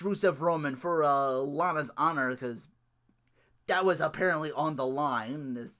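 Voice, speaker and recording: A man hosting a solo recap podcast, talking in an animated, ranting way, laughing often and swearing freely. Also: fairly high pitch, measured pace. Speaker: podcast host.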